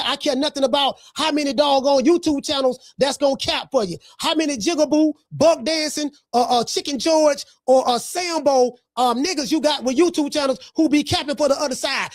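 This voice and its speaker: A woman's voice: sits high, dry recording. A woman hosting a podcast, delivering brash, profane boxing commentary with lots of repetition. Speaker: podcast host.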